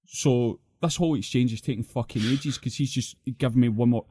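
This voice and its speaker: A man's voice: medium pitch, fairly quick, dark tone, slight background noise. A Scottish man co-hosting a podcast, telling long profane stories in a ranting manner. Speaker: podcast co-host. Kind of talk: casual chat, long sweary anecdotes.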